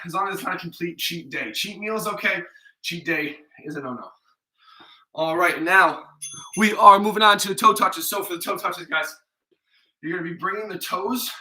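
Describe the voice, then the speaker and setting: A man's voice: high-pitched, moderate pace, bright, forceful tone. A young man leading a live workout class, encouraging and counting reps while he exercises, out of breath. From New York or Vermont, US. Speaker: fitness instructor. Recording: roomy sound from a distant mic.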